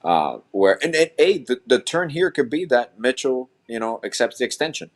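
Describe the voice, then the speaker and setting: A man's voice: medium pitch, lively intonation, normal speed. A man co-hosting a sports podcast, giving casual, somewhat hesitant analysis with many fillers. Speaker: podcast co-host. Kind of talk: casual chat.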